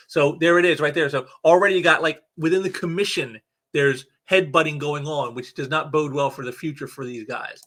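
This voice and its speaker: A man's voice: on the high side, fairly even intonation, fairly quick, fairly bright tone. A man casually reviewing a comic book, rambling with many restarts and fillers, and stressing key words for emphasis. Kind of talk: casual commentary while reading aloud.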